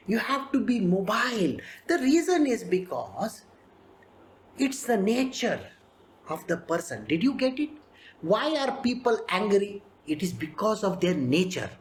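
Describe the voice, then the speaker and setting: Spiritual teacher, scripture talk, very expressive pitch, mid-pitched voice. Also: normal speed. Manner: animated, acts out characters, laughs often. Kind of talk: scripture discourse.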